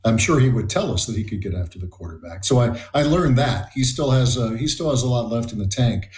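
A man's voice: medium pitch, animated, a little mellow. Man analyzing football in a roomy space. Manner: measured, analytical. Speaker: sports analyst. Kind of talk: sports talk show discussion.

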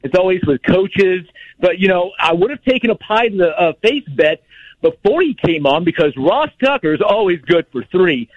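A man's voice: high-pitched, lively intonation, moderate pace, no echo, muffled recording. A man calling in to a radio show, rambling with fillers as he makes his point. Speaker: caller. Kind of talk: casual call-in chat. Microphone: phone line.

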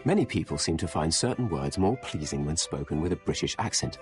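A man's voice: low-pitched, big pitch swings, brisk. A man reading a radio commercial in a dry, playful way. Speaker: ad announcer. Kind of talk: scripted ad read. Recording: music bed behind the voice.

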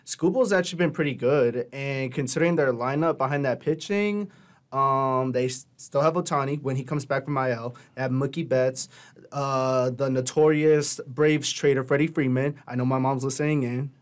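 A man's voice: medium pitch, moderate pace. A young man co-hosting a casual sports talk show, rambling with many fillers and self-corrections. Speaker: radio show co-host.

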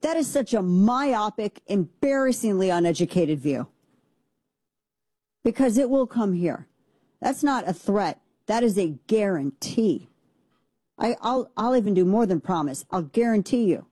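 A woman's voice: mid-range voice, expressive, measured pace, dark tone, breathy edge, no echo. A woman commentator giving a blunt, emphatic opinion monologue that rambles with restarts.

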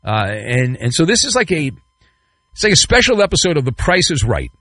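A male podcast host giving a sarcastic, mocking comedic sports rant with sudden jumps in pitch. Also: big pitch swings, a little fast, pushed and bright, dry recording.

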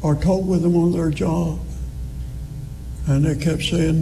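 A man preaching a sermon slowly and emphatically, pressing his listeners with rising appeals. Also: fairly high pitch, steady tone, creaky, dark tone, faint music behind, poor audio.

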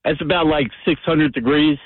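A man's voice: a little high, fairly even intonation, normal speed, no room sound. A man calling a radio show, speaking plainly and earnestly. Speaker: caller. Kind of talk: phone call to radio. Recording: tinny phone line.

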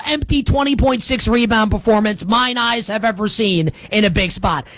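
A man hosts a sports talk show, offering opinionated commentary in a sarcastic, emphatic style with big swings in pitch and pace. His voice is a bit bright, and there's no room sound.

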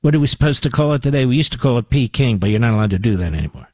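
A man's voice: medium pitch, expressive, rapid-fire, a little mellow, no echo. An older man hosting a talk radio show, with a combative, sarcastic monologue and mocking asides to his producer.

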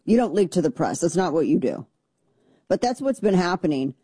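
A woman's voice: on the low side, sing-song, brisk, mellow, breathy edge, dry recording. A woman hosting a political talk radio show, talking in a blunt, combative and sarcastic way into a studio microphone.

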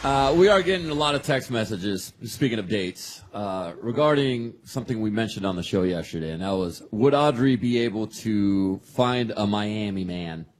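A man's voice: on the low side, expressive, normal speed, few pauses. A man hosting a radio morning show, telling a story casually with many fillers. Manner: hesitant, filler-heavy storyteller.

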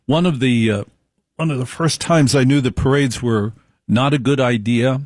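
A man speaks in an opinionated monologue at an ordinary pitch for a man. He tells stories emphatically and repeats lines for stress. The recording is dry and close. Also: normal speed, a little mellow, dry recording.

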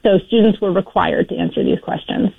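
A woman's voice: medium pitch, brisk, creaky, husky, no echo. A woman advocating for parents as a guest on talk radio, explaining earnestly with many fillers. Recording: dry, dull radio broadcast audio.

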